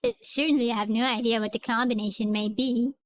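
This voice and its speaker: Woman doing a shrill cowardly male lawyer. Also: steady tone, fast talker, natural voice. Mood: nervous. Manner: whiny, frightened pleading.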